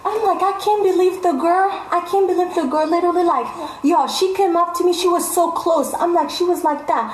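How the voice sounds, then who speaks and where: Young woman vlogger, high voice, emphatic repeats, echoey room. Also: a little fast, few pauses, a little hiss or hum. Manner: emphatic, repeats phrases for stress. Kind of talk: casual storytelling to viewers. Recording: roomy echo.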